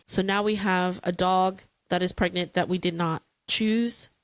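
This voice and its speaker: A woman's voice: on the high side, fairly even intonation, moderate pace, few pauses, no echo, poor audio. A woman co-hosting a casual chat, telling a story dramatically with playful exasperation. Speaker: podcast co-host.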